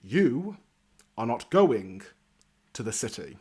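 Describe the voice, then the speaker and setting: A grizzled older knight, as a man puts him on who speaks in a slightly low, subdued voice. His delivery is formal and clipped, and he gives orders with steady authority. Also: slow pace, breathy edge, exaggerated voice. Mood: commanding.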